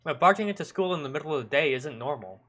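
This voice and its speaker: A blunt teenage schoolboy, tense and halting, whose bright voice stumbles over its words as a man reads him out. He pushes back in short, stammering bursts in a game read aloud. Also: fairly high pitch, animated, pitched above the performer's own voice. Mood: defiant. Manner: hesitant halting speech.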